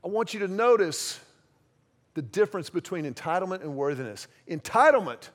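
A man's voice: sits high, animated, a little fast. A man preaching a sermon in a conversational, self-deprecating way, acting out little quoted exchanges. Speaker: pastor.

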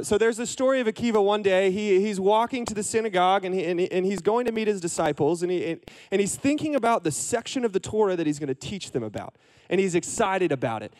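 A man's voice: a little high, a little mellow. Chatty young man giving a youth sermon. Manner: chatty and self-deprecating, with many fillers and restarts. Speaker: youth ministry director. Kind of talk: casual storytelling sermon.

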